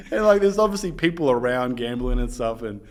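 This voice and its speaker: An Australian man hosts a casual podcast chat, swapping funny stories. He talks easily and laughs often, in an ordinary mid-pitched male voice. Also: slight background noise. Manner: laughing storyteller, chatty. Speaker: podcast host.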